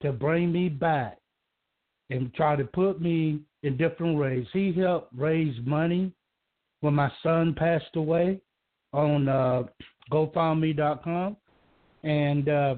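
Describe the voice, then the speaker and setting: A man from Georgia calling in to a talk show, speaking emotionally in a halting, rambling way with many restarts. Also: a little high. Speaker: caller. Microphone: telephone. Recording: tinny phone line.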